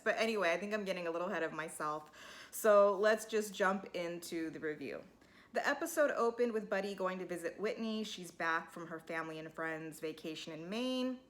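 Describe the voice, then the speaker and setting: A woman's voice: mid-range voice, sharp tone. A woman giving a casual, opinionated and sarcastic recap of a reality TV episode. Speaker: TV recap vlogger.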